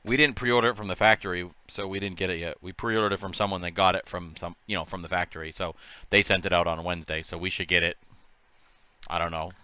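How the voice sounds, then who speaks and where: A man co-hosting a live card break, chatting in an easygoing way. His voice sits a little low, but it sounds bright and clean. The sound is dry and close. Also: fairly even intonation, quick pace, clear, resonant tone, no echo. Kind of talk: casual live-stream chat.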